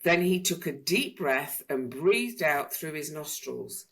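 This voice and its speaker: A woman reading a children's picture book aloud in an expressive, sing-song manner. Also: sits low, slow pace. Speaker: storyteller.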